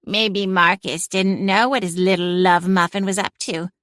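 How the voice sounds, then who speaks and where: A woman voicing a haughty, sharp-tongued female cat in a storybook reading, cool and disdainful. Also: medium pitch, fairly even intonation, normal speed, no room sound, clean studio sound, lightly acted. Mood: sly.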